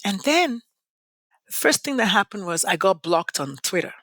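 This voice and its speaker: A passionate woman from Nigeria tells her story in an interview, her voice bright and leaping widely up and down in pitch. She leans on dramatic pauses. The sound is close and dry. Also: sing-song, dry recording. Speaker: podcast guest.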